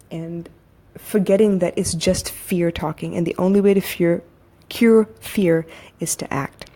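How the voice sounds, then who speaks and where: A woman with a low, mellow and soothing voice talks straight to listeners in a casual motivational monologue. She is candid and repeats herself, then builds to emphatic urging, like a coach hosting her own podcast. She records on a phone.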